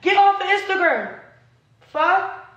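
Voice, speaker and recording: A woman's voice: extremely high pitch, sing-song, slow pace, fairly bright tone, echoey room, highs cut off. A young woman in a rambling, agitated and profane livestream rant, recorded on a phone.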